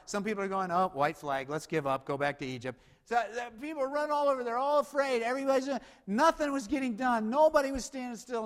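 Male pastor, high voice, animated sermon delivery that rises loud and drops quiet, long hall echo. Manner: animated, swings between loud urgency and low quiet emphasis.

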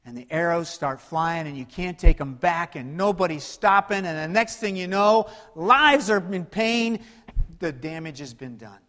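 A man preaching a sermon as pastor, swinging between loud emphatic passages and hushed, quiet asides. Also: a little high, expressive, measured pace, big-room sound.

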